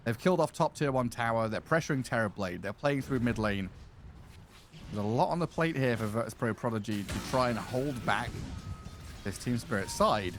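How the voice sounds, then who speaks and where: A man casting an esports match as play-by-play commentator, excitable and quick to laugh. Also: soft background music. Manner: excitable, laughs often, pitch jumps on big plays. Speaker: esports caster.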